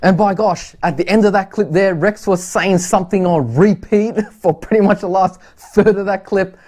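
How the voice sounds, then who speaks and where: A man's voice: high voice, moderate pace, a little mellow. A man presents a fishing livestream in a casual, chatty way. He chuckles often and speaks straight to the viewers as he leads into each clip.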